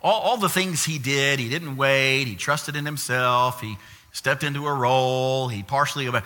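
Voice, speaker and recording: A man old enough to have a grandson preaches in a very bright, mid-pitched voice. He tells stories with energy and acts out the voices of the people in them. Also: moderate pace. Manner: animated storytelling, acts out quoted voices. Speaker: pastor. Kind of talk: sermon.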